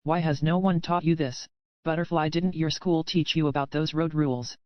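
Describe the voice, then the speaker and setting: Man doing a hot-tempered possessive young bully, smooth raised voice, dry slightly dull audiobook sound. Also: fairly high pitch, fairly even intonation, normal speed, dry recording, lightly acted. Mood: tender. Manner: shouts harshly, then murmurs softly.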